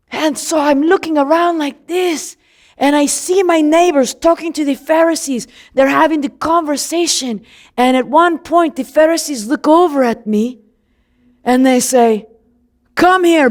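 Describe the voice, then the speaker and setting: An earnest, indignant man born blind and newly sighted, as a woman tells it in his voice. The storytelling is animated and chatty, full of asides to the listener, with a rather high voice and an unhurried, drawn-out pace. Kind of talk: first-person biblical monologue.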